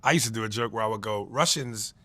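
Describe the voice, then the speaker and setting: A man comedian in a casual interview, talking loud and profane and slipping into accent impressions. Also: lowish voice, steady tone, very fast, no echo. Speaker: comedian guest.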